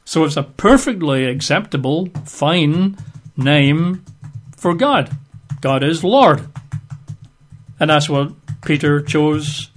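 A man's voice: on the high side, expressive, slow, long pauses, faint music behind. A man teaching a Bible study in a methodical way, spelling out words letter by letter and posing rhetorical questions. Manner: rhetorical questions, emphatic asides.

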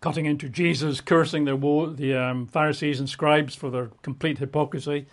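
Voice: medium pitch, fairly even intonation, moderate pace, hardly any pauses. Preacher, sermon, emphatic, repetitive lists, conversational asides. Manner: emphatic, piles up repeated synonyms, conversational asides. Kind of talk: sermon, Bible exposition.

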